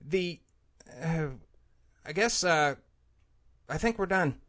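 This podcast host's voice is a little high and fairly bright, expressive, and slow. He chats casually, grumbling and rambling through many restarts, recorded on a studio mic with headphones in a small room where the air conditioner is off.

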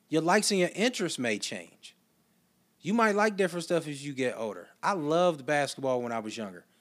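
A man talking through a casual solo podcast with a voice pitched a little above the usual. His delivery is loose and chatty, full of slang and side remarks as he tells a story. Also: fairly bright tone. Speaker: podcast host.

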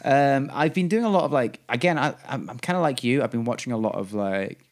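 A man's voice: mid-range voice, animated, brisk. A man co-hosting a podcast in casual chat, rambling through fillers and restarts and gushing about shows he loves. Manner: enthusiastic. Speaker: podcast co-host.

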